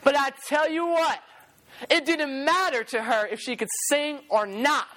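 A man's voice: extremely high pitch, measured pace. Passionate young male preacher. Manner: passionate, animated storytelling with acted-out quotes. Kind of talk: sermon.

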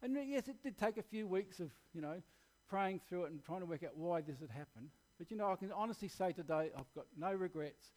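A man's voice: high-pitched, lively intonation, a little fast, few pauses, darkish tone. Earnest Australian man preaching. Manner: earnest, candid personal storytelling. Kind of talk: sermon.

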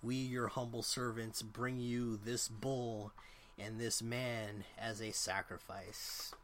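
A man voicing a male cult leader, slowly intoning a prayer to a dragon. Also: on the low side, level tone, fairly bright tone, slight background noise. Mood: solemn. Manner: slow, intoning, repetitive prayer.

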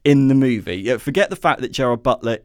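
A man's voice: medium pitch, expressive, fast talker, a little mellow, clear, resonant tone, no echo, studio quality. Sarcastic man ranting about a film. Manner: sarcastic, ranting, frequent ums and restarts. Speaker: podcast co-host. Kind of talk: casual film review chat.

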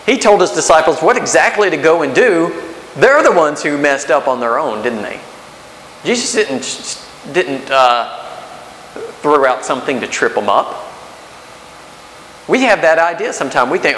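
A man's voice: fairly high pitch, expressive, moderate pace, a bit bright. A man in his thirties preaching a sermon as pastor, conversational, with rhetorical questions and restarts. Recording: echoey hall with faint hiss.

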